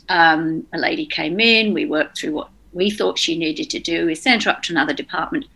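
Bright-voiced woman. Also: fairly low pitch. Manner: practical, frank, telling an example. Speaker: group participant. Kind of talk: casual group discussion.

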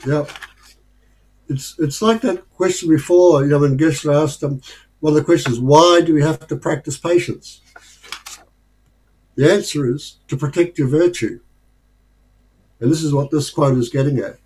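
Mellow-voiced man leading a discussion. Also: a little high, low-quality recording. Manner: thoughtful, unhurried, with frequent pauses and fillers. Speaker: discussion group leader. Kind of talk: casual study group discussion.

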